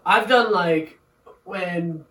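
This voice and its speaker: A young man chatting casually as a podcast co-host, animated and rambling, laughing often. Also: high voice, drawn-out words. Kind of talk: casual chat among friends. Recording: echoey room, distant mic, faint noise.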